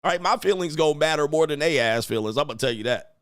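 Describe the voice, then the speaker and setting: A man's voice: fairly high pitch, animated, fast, heavy background noise. A man giving casual, profane reaction commentary on parenting clips, blunt and laughing often.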